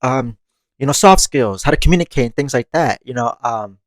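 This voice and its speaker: Here the meditation podcast host has a medium-pitched, animated voice and a moderate pace, with no echo. He hosts the show monthly, reflecting on growth in an easygoing, conversational way while laughing often and swearing casually.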